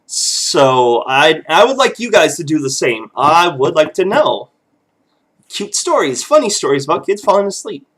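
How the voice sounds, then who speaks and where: A man's voice: a little high, big pitch swings, normal speed, fairly bright tone, husky. A man in his thirties, a father casually telling family stories, chuckling often and loose with fillers. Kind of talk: casual storytelling vlog.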